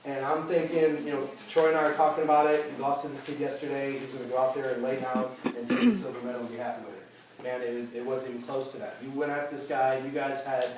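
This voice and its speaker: A man, a youth wrestling coach, retelling a season's matches to his team in an animated way, full of fillers and restarts. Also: medium pitch, fast talker. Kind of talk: end-of-season speech to a team. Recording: roomy hall, voice from far off, crowd noise.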